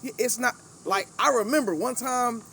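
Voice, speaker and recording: A man hosting a podcast in casual conversation, telling animated stories with lots of "you know what I mean". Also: very high voice, normal speed, slight background noise. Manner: animated storyteller, many fillers. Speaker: podcast host.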